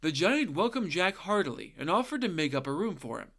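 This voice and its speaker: Lively, irreverent male storyteller. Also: fairly high pitch, a little fast. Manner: irreverent, swears, sarcastic asides. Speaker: podcast host and storyteller. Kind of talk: comedic narration of folktales.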